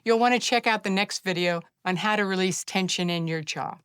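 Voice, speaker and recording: Gentle, smooth-voiced woman guiding a calm reset. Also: medium pitch, dry recording, clean studio sound. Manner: calm, gentle and encouraging, slowing to a soft hush during the breathing steps. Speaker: wellness practitioner teaching a self-care technique. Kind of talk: guided instruction to camera.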